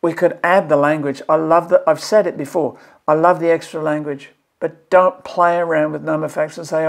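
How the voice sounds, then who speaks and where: A man's voice: fairly high pitch, little pitch movement, normal speed, gravelly, few pauses. A man, a maths educator, giving an emphatic and exasperated review of a curriculum draft in a video. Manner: passionate, emphatic, exasperated pleading.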